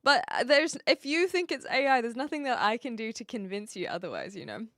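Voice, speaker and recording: A chatty woman streamer from New Zealand, with a light Kiwi accent and a bouncy, lively pitch that rises and falls a lot. She talks casually to her viewers and laughs easily. The sound is close and dry, with no room echo. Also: brisk. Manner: chatty, laughs often, answers viewers' chat messages. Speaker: live streamer. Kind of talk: casual live-stream chat.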